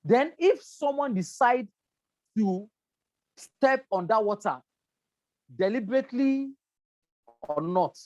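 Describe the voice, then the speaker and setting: In a slightly high, expressive voice with a darkish tone, this woman speaks slowly with long pauses on a dry, lo-fi recording. A safety trainer with a Nigerian English accent, she walks listeners through a slide presentation step by step, repetitive and explanatory, frequently asking "right?"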